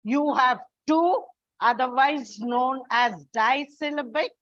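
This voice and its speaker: A woman teacher giving a classroom English lesson, explaining slowly and deliberately with spelled-out examples. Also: high voice, fairly bright tone. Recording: dull lo-fi sound.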